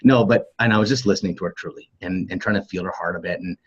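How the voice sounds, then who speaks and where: A man co-hosting a relationship coaching podcast, telling lively stories and acting out other people's lines. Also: deep voice, quick pace, husky, highs cut off. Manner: animated storyteller acting out quotes. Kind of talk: live coaching conversation.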